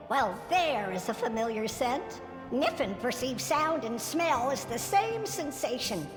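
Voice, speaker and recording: A woman voicing a gracious, curious female rat-like creature in a video game, with an admiring, drawn-out manner. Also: on the high side. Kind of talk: video game character dialogue. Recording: reverberant game audio with music.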